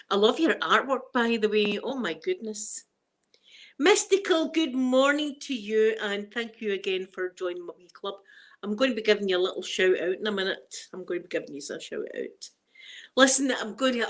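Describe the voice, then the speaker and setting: A middle-aged Scottish woman hosting a casual live chat, emotional and fighting back tears as she greets viewers by name. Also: mid-range voice. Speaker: livestream host.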